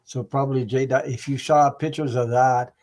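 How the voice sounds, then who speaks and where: A man in a casual group conversation, musing in halting, restarting speech. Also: medium pitch, steady tone, a little mellow. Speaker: participant.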